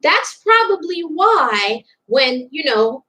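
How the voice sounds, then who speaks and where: A woman's voice: sits high, big pitch swings, slow, sharp tone, low-quality recording. A young woman commenting on a TV clip in a reaction vlog, outspoken and indignant, stressing her points with emphasis.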